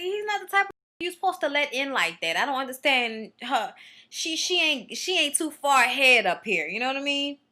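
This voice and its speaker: A woman reviewing a reality show episode, speaking in a blunt, profane, opinionated way. Her voice sits high and sounds bright. She keeps it casual, like a vlog chat with her viewers.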